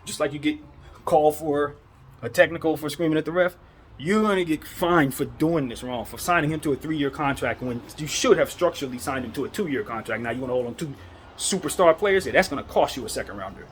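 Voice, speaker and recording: A man's voice: a little high, a little fast, slight background noise. A man hosting a basketball commentary show, giving a fired-up, preachy opinion monologue full of rhetorical questions.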